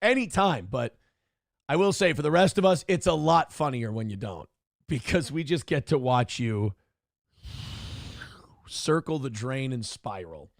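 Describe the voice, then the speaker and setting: A man's voice: medium pitch, expressive, measured pace, creaky, long pauses, no echo, studio quality. A man hosting a stream, ranting in a snarky, smug, mocking way. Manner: mocking, taunting asides. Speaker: streamer host. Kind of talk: casual ranting commentary.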